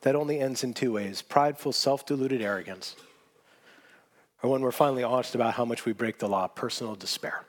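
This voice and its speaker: A man's voice: mid-range voice, brisk. A man preaching a sermon as pastor, earnest and emphatic, repeating key phrases and often restarting sentences.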